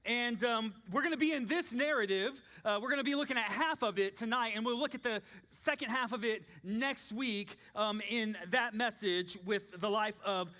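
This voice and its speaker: Man, pastor, thirties, high bright voice, chatty sermon full of fillers. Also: moderate pace, hardly any pauses. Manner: casual and talkative, many fillers, animated storytelling. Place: church.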